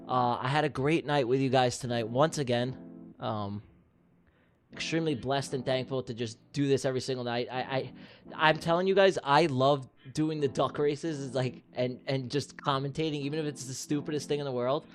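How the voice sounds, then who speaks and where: Excitable rambling livestream host, a man. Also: medium pitch, moderate pace, faint music behind. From New York. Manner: excitable, rambling, repeats himself. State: out of breath. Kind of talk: livestream chat and race commentary.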